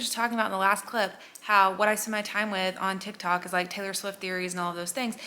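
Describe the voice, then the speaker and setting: A young woman chatting casually to camera in a book vlog, rambling and excitable. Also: medium pitch, quick pace, few pauses. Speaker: book vlogger.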